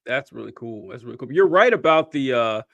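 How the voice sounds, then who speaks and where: A man hosting a casual podcast conversation, talking in an animated way with quick asides. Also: medium pitch, gravelly, no room sound, dull audio. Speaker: podcast host.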